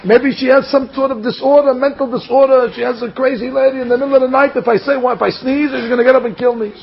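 A man's voice: sits high, a little fast, vocal fry. A man doing a fretful humble farmer groom. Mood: fearful. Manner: fretful, complaining to himself. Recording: dull lo-fi recording.

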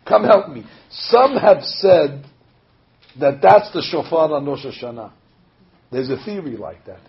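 A man, a rabbi, preaching a sermon with animated storytelling, acting out the voices he quotes. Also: on the high side, unhurried. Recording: dull lo-fi recording.

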